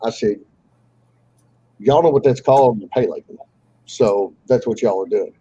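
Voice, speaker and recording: A man's voice: on the low side, moderate pace, warm tone, slightly rough, lo-fi sound. A man telling a fishing story on a live call, casually and with animation, swearing freely and acting out the voices of the people he quotes.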